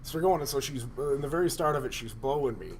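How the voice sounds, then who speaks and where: A man on a podcast telling a crude story in a rambling, animated way, laughing often. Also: medium pitch, fast, a little hiss or hum. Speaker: podcast co-host.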